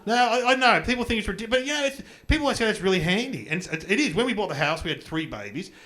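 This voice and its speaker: A man's voice: high voice, big pitch swings, rapid-fire, pushed and bright. A middle-aged Australian man doing stand-up comedy, telling rambling, self-mocking stories on a club stage with a handheld mic. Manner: rambling, self-mocking storytelling with acted-out voices. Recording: live comedy club with audience laughter.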